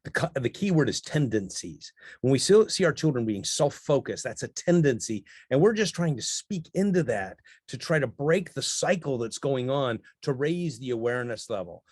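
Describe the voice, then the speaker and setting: A man teaching parents in a webinar chat who laughs easily and quotes parents in a brisk voice. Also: mid-range voice, lively intonation, darkish tone, husky, no echo, clean studio sound.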